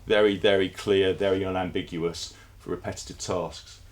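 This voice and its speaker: A man's voice: sits low, fairly even intonation, normal speed. A man giving a conversational conference presentation to an audience, with fillers and repeated words. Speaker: conference speaker. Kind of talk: presentation talk.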